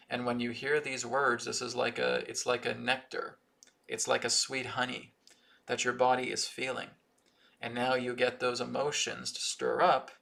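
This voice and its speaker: A man's voice: mid-range voice, vocal fry, sharp tone. A man hosting a live-stream spiritual teaching and Q&A, talking earnestly and often checking in with "right?" and "okay?". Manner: reads viewer comments aloud from the chat.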